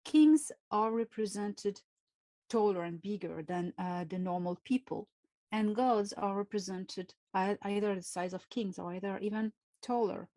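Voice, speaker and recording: Her voice mid-range and mellow, a French woman appears as an interview guest, replying in English rather than her native French. Frequent hesitations mark her slow, careful speech, and the sound carries no echo.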